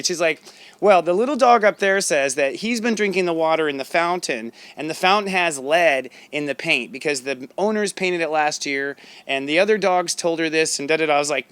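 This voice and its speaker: A man hosting a spiritual talk show, telling stories in a chatty, animated way, acting out quotes and laughing often. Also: fairly high pitch, normal speed, smooth, no room sound. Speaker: podcast host. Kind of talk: casual storytelling monologue.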